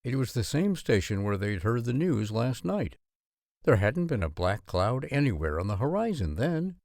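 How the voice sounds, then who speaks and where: A man reading a novel aloud in expressive, measured narration. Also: medium pitch, gravelly, no echo, studio quality. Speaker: audiobook narrator. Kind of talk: scripted storybook narration.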